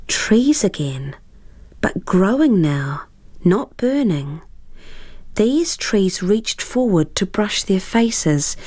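A woman reading a storybook aloud in a measured, hushed way that drops at times into whispers. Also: fairly low pitch, no echo.

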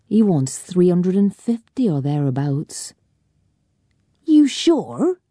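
Woman narrator, low dark voice, husky, dry close recording, measured storybook read. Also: expressive, no echo. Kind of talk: scripted narration.

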